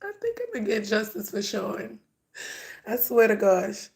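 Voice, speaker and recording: Woman livestreamer, mid-pitch, cursing bluntly, raw and unfiltered. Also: sing-song, moderate pace. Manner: blunt and profane, swinging from scorn to grief. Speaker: livestreamer, grieving mother. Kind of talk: casual livestream talk to viewers.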